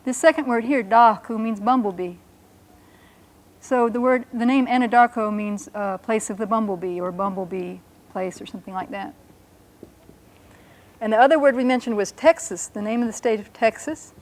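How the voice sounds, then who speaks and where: A woman teaching a language lesson, explaining patiently and sounding out words slowly and carefully. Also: fairly high pitch.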